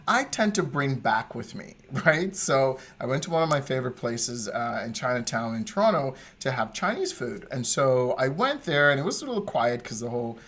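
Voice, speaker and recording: Animated laughing male podcast co-host. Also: medium pitch, moderate pace, hardly any pauses. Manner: animated, laughing, tangent-prone storyteller. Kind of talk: casual storytelling chat. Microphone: remote podcast mic.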